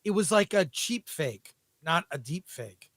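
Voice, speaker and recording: A male guest in loose livestream chat with a noticeably high voice. He drives his points home by repeating them. The recording is dry and close. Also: very animated, measured pace, dry recording. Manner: emphatic, repeats himself.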